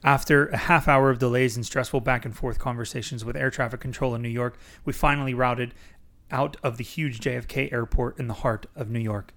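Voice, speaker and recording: A man's voice: medium pitch, steady tone, brisk, a bit bright. Young man, podcast guest, reads a memoir aloud with mock drama and jokey asides. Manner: reads dramatically, breaks off to laugh and joke. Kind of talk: casual reading aloud with asides.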